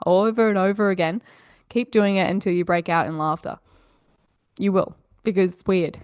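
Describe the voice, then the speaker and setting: A woman's voice: medium pitch, moderate pace, a little mellow, clear, resonant tone, no room sound, clean studio sound. A woman hosting a self-help podcast, talking in an upbeat, encouraging, chatty way. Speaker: podcast host. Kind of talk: motivational podcast monologue.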